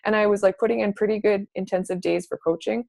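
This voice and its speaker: A woman's voice: medium pitch, fairly even intonation, quick pace, vocal fry, a little mellow, no room sound. A woman fitness coach talking to her team on a video call, casual and gushing, full of "like". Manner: casual and gushing, says "like" often.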